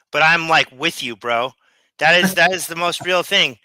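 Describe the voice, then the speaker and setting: A man's voice: on the high side, normal speed, bright, forceful tone, no room sound, low-quality recording. A man who is a guest and a former criminal, talking emphatically in casual chat, repeating himself and swearing freely.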